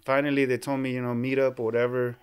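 A man's voice: mid-range voice, fast talker, clear, resonant tone. A man in his thirties, a team superfan, telling a story casually in a podcast studio, acting out what people said and calling the host "bro.". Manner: animated, acts out quoted dialogue, says "bro" often.

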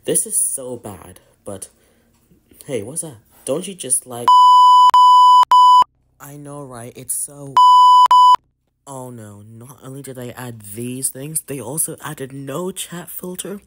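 A young man playing out a game role-play skit, reacting with quick, astonished exclamations. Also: medium pitch, heavy background noise. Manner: exclaiming, rapid reactions of disbelief. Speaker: gaming YouTuber. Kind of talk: Roblox role-play skit voicing several characters.

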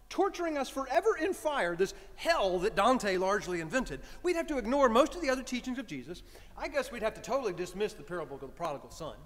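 A priest preaching a conversational, story-driven sermon. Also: male voice, sits high, a bit bright. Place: church sanctuary. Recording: reverberant church hall.

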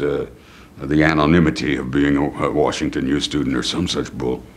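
An older man being interviewed, telling anecdotes with amused chuckles. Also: very deep voice. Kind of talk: reminiscing interview.

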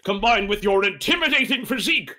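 A man voicing a pompous male announcer who judges superheroes, with a grand, drawn-out delivery. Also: high voice, lively intonation, pushed and bright, heavily acted. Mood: grandiose. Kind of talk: improvised role-play.

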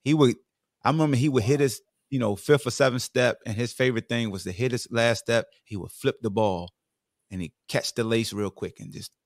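A man in his forties from Virginia, a podcast guest casually telling animated stories about his football days. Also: lowish voice, no echo, studio quality. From Virginia, USA. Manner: animated, acts out other people's lines. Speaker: guest, former football player. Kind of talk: casual storytelling.

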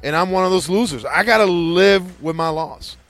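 Guy ranting on his podcast, cussing, tripping over his words, slightly high voice, faint music under it. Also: moderate pace, a bit bright. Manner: rambling, profane, restarts often. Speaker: podcast host. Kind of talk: casual ranting chat.

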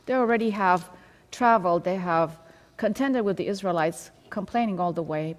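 A woman's voice: on the low side, darkish tone, in a large hall. A woman leading a Sabbath School Bible study in a conversational way, reading scripture aloud and explaining it. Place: church.

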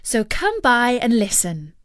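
A woman storyteller reads a fairy tale in a measured, expressive way. Her pitch moves freely and her pace stays slow and deliberate. The recording is close and dry, with no room sound. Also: no room sound. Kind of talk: fairy tale audiobook narration.

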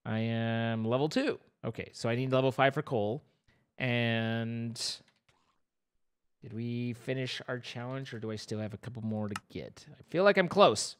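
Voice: mid-range voice, measured pace, clean tone. A young adult streamer giving playful, rambling live commentary over a game, breaking into squeals of mock panic.

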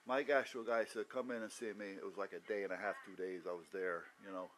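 A man's voice: on the low side, steady tone, fairly quick, fairly bright tone, a little hiss or hum, rough recording. A man casually telling a personal story in a blunt way, cursing freely and acting out the dialogue. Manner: blunt, swears freely, acts out quoted dialogue. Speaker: vlogger recounting his heart attack.

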